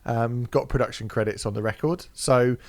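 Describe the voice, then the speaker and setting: A man's voice: medium pitch, moderate pace, background noise. A man co-hosting a podcast, talking in a sarcastic, mocking way and laughing often. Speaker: podcast co-host. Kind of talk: casual podcast chat.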